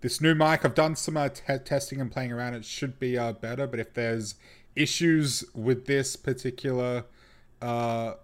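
A man co-hosting a podcast in casual chat, talking haltingly with frequent restarts. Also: mid-range voice, steady tone. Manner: halting, many restarts and fillers. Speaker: podcast co-host.

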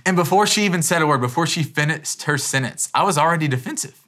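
In a church, a pastor in his thirties preaches quickly in a fairly high, sharp voice. His sermon is casual and conversational, with frequent restarted phrases and "man" tossed in as an aside.

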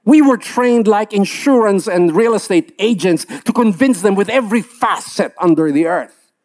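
A man's voice: high voice, animated, moderate pace, a little mellow. A man preaching a sermon in a church. He talks earnestly and acts out the complaints of believers.

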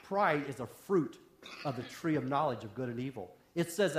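A man's voice: mid-range voice, animated, normal speed. Impassioned male preacher in an echoey room. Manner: impassioned preaching with sudden drops to a hush. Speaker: pastor. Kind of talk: sermon. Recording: roomy echo.

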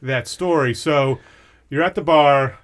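A man hosting a podcast, telling a story about an old friend in animated, casual chat, swearing and restarting often. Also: mid-range voice, takes it slowly. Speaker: podcast host.

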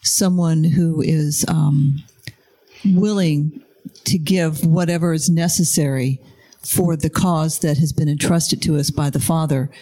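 A participant in a faith-sharing discussion, speaking in a measured, deliberate way with filler pauses. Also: mid-range voice, steady tone, mellow. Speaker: Bible study participant.

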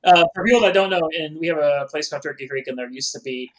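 A man's voice: a little high, fast, fairly bright tone. A man co-hosting a podcast in casual chat, telling rambling anecdotes full of filler words. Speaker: podcast co-host. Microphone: remote podcast recording.

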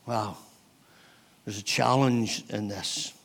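A man in his sixties, a pastor preaching an earnest, encouraging sermon in a church, pausing to let points land. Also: lowish voice, gravelly, a bit bright. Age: 60s. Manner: earnest, exhortative, with thoughtful pauses.

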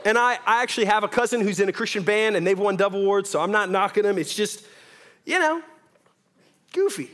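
A man's voice: high-pitched, animated, fairly quick, fairly bright tone. A young man preaching a sermon in a church, casual and joking, often asking "right?". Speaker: pastor. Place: church hall with audience.

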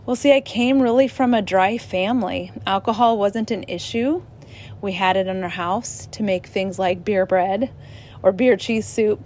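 A middle-aged woman giving an earnest personal testimony at church, halting now and then as she restarts. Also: mid-range voice, a little mellow, a little hiss or hum.

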